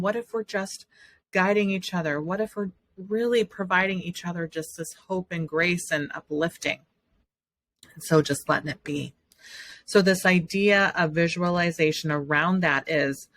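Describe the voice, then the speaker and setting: A woman's voice: fairly low pitch, a bit bright. A woman hosting a podcast, talking in an earnest, encouraging way in a motivational monologue. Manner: earnest and encouraging, speaking in affirmations. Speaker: podcast host.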